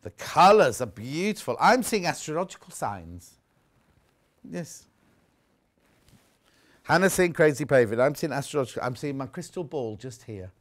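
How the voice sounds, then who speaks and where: English male shopping-channel host, lively swooping voice, fairly high, chatty. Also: moderate pace, pauses often. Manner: chatty, animated, reads viewer messages aloud. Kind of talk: live sales chat. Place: TV studio.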